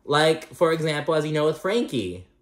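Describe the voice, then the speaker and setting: A man's voice: on the high side, big pitch swings, normal speed, roomy sound, voice pushed up. Man mimicking a grandiose reality-star woman. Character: dramatic self-important woman reality star.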